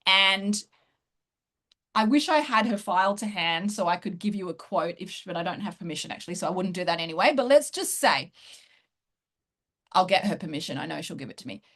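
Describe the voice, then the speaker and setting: A woman coach talking through her group program in a casual interview, excited and quick to laugh. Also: lowish voice. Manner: excited, laughs often, fast bursts. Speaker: host and coach.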